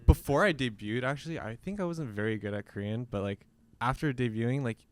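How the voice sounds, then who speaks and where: A man's voice: medium pitch, fairly quick, clear, resonant tone. A man guesting in a radio interview, speaking in an easygoing way with lots of "like". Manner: easygoing, heavy use of "like". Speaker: band member guest. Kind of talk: casual interview talk. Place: radio studio.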